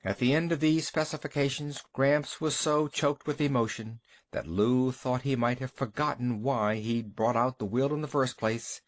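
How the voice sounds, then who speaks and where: A man narrating a short story for an audiobook in an expressive storytelling manner. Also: mid-range voice, normal speed, few pauses.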